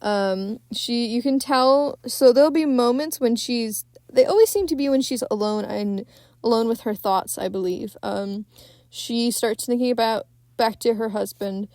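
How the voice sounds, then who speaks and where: A young woman hosting a podcast recaps a film casually, rambling with many fillers, swearing freely, and laughing often. Her voice is on the high side, unhurried, and a little mellow, recorded in studio quality with no room sound.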